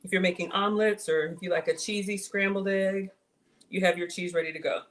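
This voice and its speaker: A woman's voice: lowish voice, steady tone, a little fast, a bit bright. Chatty woman cooking live. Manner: chatty, reads viewer comments aloud, folksy. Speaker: cooking livestream host. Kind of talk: casual cooking livestream chat. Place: home kitchen, indoors.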